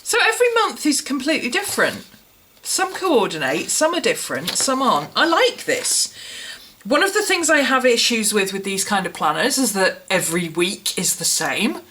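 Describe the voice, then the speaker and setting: A woman's voice: a little high, big pitch swings, normal speed, sharp tone, a little hiss or hum. A woman with an English accent, chatting casually as she reviews a product in a vlog and muses aloud. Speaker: vlogger.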